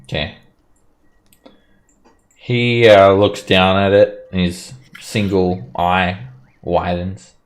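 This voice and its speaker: A man narrating as game master of a tabletop game, in a relaxed, casual way. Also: low-pitched, drawn-out words, long pauses.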